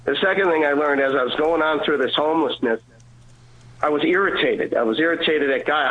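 A man's voice: fairly high pitch, fairly quick. A man giving an earnest personal testimony as a guest, acting out the voices he quotes. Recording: tinny phone line.

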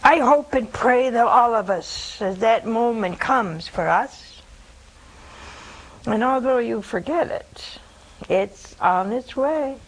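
A woman's voice: fairly high pitch, animated, slow pace, rough recording. A woman in her seventies giving a reflective sermon, dropping to a whisper at times. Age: 70s. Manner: reflective, drops to a whisper for quoted words. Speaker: preacher.

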